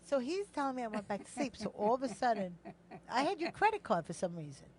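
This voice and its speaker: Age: adult. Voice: woman, high and lively, brash, swears freely. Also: fast, a little hiss or hum. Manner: brash, animated, profane storytelling. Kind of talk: casual storytelling chat.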